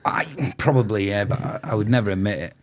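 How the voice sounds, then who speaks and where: A man's voice: on the low side, expressive, a little fast. A man of around forty from Moray in Scotland, a festival owner telling stories as a guest in a casual podcast chat. He rambles, swears freely and laughs often.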